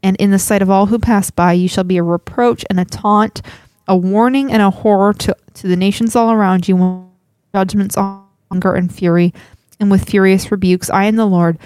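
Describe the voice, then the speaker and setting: A woman co-hosting a live show, reading scripture aloud in a steady, measured way and chatting between passages. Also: mid-range voice, clear, resonant tone, dry recording. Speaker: co-host.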